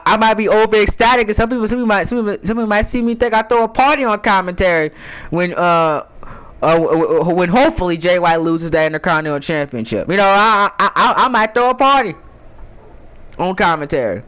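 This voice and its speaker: A man's voice: high-pitched, a little fast, a bit bright, low-quality recording. A young man, a gaming YouTuber, giving casual advice to viewers in a playful, teasing way, rambling and restarting his words often.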